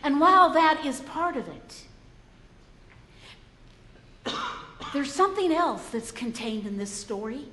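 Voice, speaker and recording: A woman's voice: high voice, expressive, slow, pauses often, sharp tone, slight background noise. A woman preacher retelling a story in a sermon, earnest and reflective, often repeating words as she goes. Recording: echoey hall.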